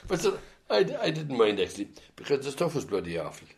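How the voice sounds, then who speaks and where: A man's voice: mid-range voice, big pitch swings, quick pace. An older man with an Irish accent telling rambling stories in an oral history interview, full of hesitant restarts. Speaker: interviewee, former band musician.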